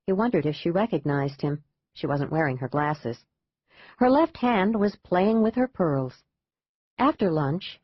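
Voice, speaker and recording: Low-voiced woman audiobook narrator. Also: dry recording. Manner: even, measured reading. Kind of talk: scripted narration. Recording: dull dry lo-fi audiobook.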